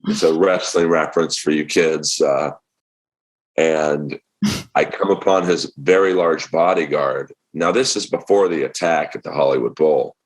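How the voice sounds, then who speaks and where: A middle-aged man with an extremely low, deep voice tells comedy stories on a podcast. He talks casually and acts out the other people's lines with lively energy. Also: unhurried. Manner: animated storyteller acting out quotes. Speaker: comedian guest.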